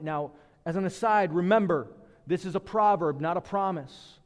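A man's voice: sits high, normal speed. Man preaching in a reverberant hall. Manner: conversational preaching, shifting between hushed and emphatic. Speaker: pastor. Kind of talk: sermon. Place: church hall.

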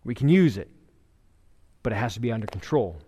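A middle-aged man preaching a sermon in a relaxed, conversational way, telling jokes and stories to make his points. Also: medium pitch, fairly quick, husky. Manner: conversational preaching with joke storytelling. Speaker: pastor. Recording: long hall reverb.

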